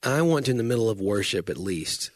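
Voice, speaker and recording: A man's voice: lowish voice, expressive, fast talker, no room sound. A man in his forties co-hosting a casual chat, playful and self-deprecating. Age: 40s. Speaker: podcast co-host and worship leader.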